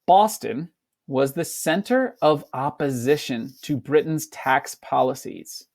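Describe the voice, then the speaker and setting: A man teaching a fourth-grade class, reading a passage aloud and explaining it, slipping into quick playful voices for the people in it. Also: medium pitch, expressive, vocal fry, a little mellow. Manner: breaks into quick, playful voices for kids and colonists.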